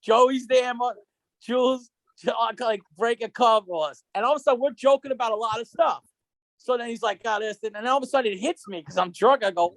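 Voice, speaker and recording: A man's voice: very high-pitched, expressive, brisk, fairly bright tone, no echo. A young man telling rambling, profane stories on a casual podcast, laughing as he goes. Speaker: podcast guest. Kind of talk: casual storytelling chat.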